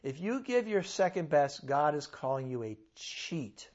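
A man's voice: on the high side, big pitch swings, unhurried, a little mellow. Guy preaching in church, chatty but earnest, kinda muffled sound. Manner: conversational and earnest, with sudden bursts of emphasis. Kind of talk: sermon.

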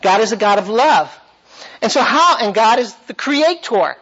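A man's voice: high voice, expressive, normal speed, a bit bright, husky, highs cut off. A man teaching a Bible class, asking the class questions and driving his points home with energy.

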